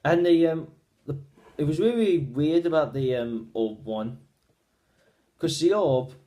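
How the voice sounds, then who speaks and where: A man giving a casual spoken film review, retelling the plot in a rambling, halting way with frequent restarts. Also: a little high, expressive, warm tone.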